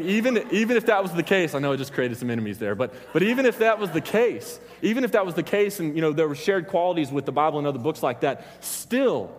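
A man giving a sermon to a live audience, rambling through personal stories and stopping often to restart and joke. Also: medium pitch. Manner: rambling, self-interrupting, joking with the crowd. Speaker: preacher. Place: church hall with an audience. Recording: long hall reverb.

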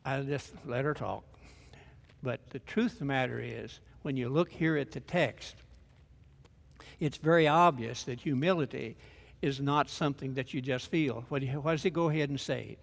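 A man's voice: mid-range voice, moderate pace, gravelly, long reverb tail. An older man, a pastor, preaching a sermon in a folksy, conversational way with frequent restarts, rising to fervent emphasis.

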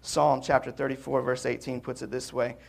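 A man preaching a sermon in a conversational way, swinging between loud emphasis and quiet, hushed drops. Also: medium pitch, little pitch movement, moderate pace, gravelly. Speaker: pastor.

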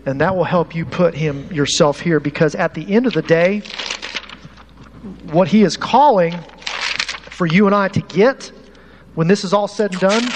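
A man preaching a lively sermon to his congregation as pastor, animated and talking straight to the people in the pews. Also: a little high. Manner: animated, uses props, talks to the congregation. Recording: hall reverb, faint room noise.

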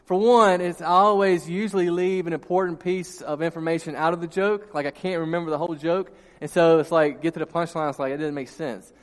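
Male pastor, animated sermon storyteller, a bit high-pitched, reverberant church hall. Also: fairly quick, few pauses. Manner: storytelling, animated, laughs at own jokes. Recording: long reverb in a large hall.

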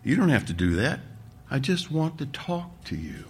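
A man playing a gentle, patient president who speaks kindly and quietly. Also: medium pitch, sing-song, moderate pace, husky. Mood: weary.

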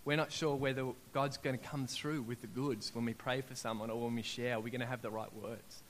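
A man, preaching a sermon in an animated, storytelling way, acting out his own prayers as he goes. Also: mid-range voice, brisk, slight background noise.

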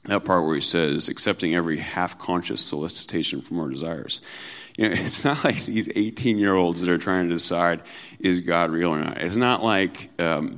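A man preaching a Sunday morning sermon to his congregation in an earnest, conversational way, slowing down to stress key points. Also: deep voice. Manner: earnest preaching, slows for emphasis, mimics mocking tones in quotes. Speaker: pastor.

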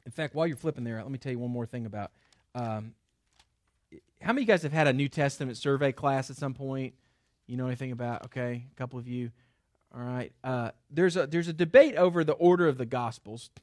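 A man's voice: medium pitch, quick pace, a little mellow, dry recording, studio quality. A man teaching a small group about the Gospels in a loose, conversational way, with many fillers and restarts. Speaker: Bible teacher. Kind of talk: classroom Bible lesson. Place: room with a small group of listeners.

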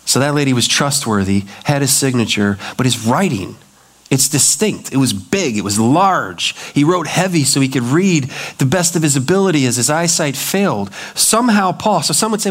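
A male pastor preaching in a loose, conversational way. His voice sits a touch higher than most men's, and he sinks lower and slower when he presses a point home. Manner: conversational preaching, acts out quoted voices, drops low and slow for emphasis. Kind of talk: sermon.

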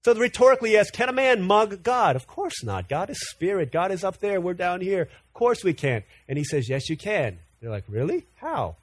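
Male pastor, sermon delivery, somewhat high pitch, animated and repetitive, dry recording. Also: normal speed, hardly any pauses, dry recording. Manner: animated, repeats words when building a point.

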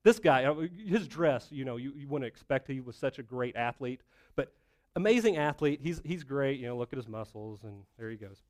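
A middle-aged male pastor preaching a conversational sermon, animated and full of rhetorical questions. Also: medium pitch, moderate pace.

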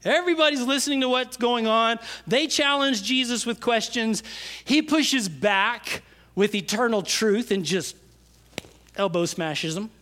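A man preaching a sermon, stressing key phrases with slow, drawn-out words and swinging from loud to hushed. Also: extremely high pitch. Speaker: pastor.

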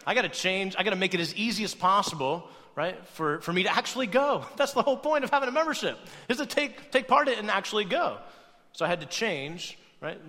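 A long reverb tail trails the high voice of a young male pastor. He preaches in a lively, conversational way, often pausing to ask "right?" after making a point.

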